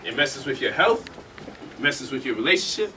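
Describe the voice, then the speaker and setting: A man telling stories to a live audience in an animated, joking way, laughing often. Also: mid-range voice, normal speed. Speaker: speaker. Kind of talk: storytelling lecture. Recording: distant mic with faint noise.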